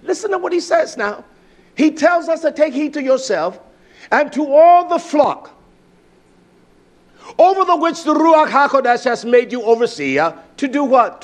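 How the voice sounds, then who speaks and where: A man preaching a sermon, emphatic, repeating key words, with frequent "uh" pauses and bursts of raised volume. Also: very high-pitched.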